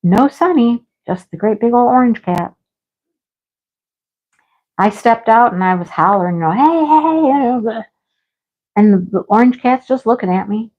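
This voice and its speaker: Pitched on the high side, this livestream host speaks at a moderate pace and pauses often. She's a middle-aged woman at home, wandering through a casual story while scolding here and there, captured in slightly dull lo-fi audio.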